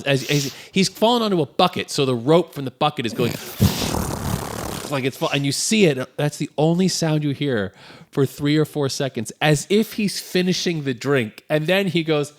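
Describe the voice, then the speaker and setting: A man's voice: a little high, animated, normal speed, dry recording. A man co-hosting a podcast, animatedly retelling a film and laughing often. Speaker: podcast co-host. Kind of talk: casual chat.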